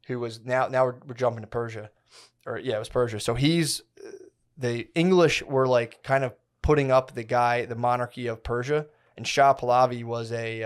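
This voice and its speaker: A man's voice: mid-range voice, clean tone. Rambling, profane young man. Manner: rambling, profane, slangy storytelling with many fillers. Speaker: podcast co-host. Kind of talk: casual podcast chat.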